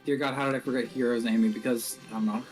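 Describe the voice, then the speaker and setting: A man hosting a game stream in casual chat, animated, swearing constantly and laughing through his lines. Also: mid-range voice, racing, soft background music. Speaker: streamer and host.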